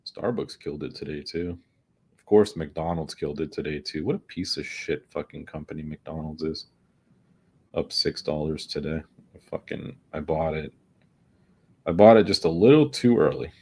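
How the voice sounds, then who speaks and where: A man's voice: extremely low pitch, moderate pace, a little mellow, breathy edge. A man giving casual, profane, grumbling commentary as he day trades on stream. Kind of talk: casual live commentary while trading.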